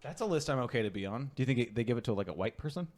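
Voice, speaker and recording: A man hosting a podcast, cracking deadpan jokes in a halting way full of fillers. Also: medium pitch. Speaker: podcast host. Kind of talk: casual podcast banter.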